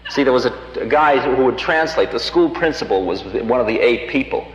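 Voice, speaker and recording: A man's voice: mid-range voice, animated, fairly quick, slight background noise. A man giving a lecture, telling a story from his own life in a wry, conversational, self-mocking way. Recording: roomy hall, dull lo-fi archive tape.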